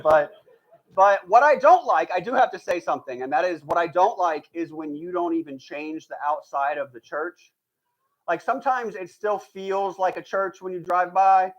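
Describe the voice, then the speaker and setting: High-pitched guy doing stand-up, dry delivery, little mock voices. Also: normal speed, muffled recording. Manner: deadpan storytelling with mock voices. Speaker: stand-up comedian. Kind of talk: stand-up comedy set. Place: live event hall with audience.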